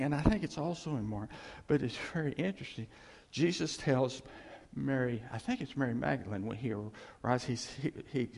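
Male Bible teacher, husky and gravelly, chatty delivery with acted-out bits, long hall reverb. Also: medium pitch. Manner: conversational, acts out scenes, laughs often.

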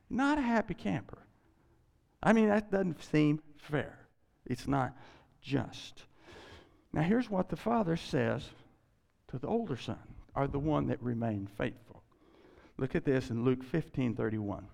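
A male pastor preaching a sermon on a scripture passage, animated and acting out the quoted lines. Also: fairly high pitch, measured pace, creaky. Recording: long hall reverb.

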